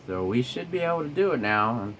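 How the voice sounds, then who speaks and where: A man with a cold talking through a retro game, halting and rambling with many ums and restarts. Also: mid-range voice, sing-song, a bit bright, a little hiss or hum. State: has a cold. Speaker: gameplay commentator. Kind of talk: casual game commentary. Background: retro game music.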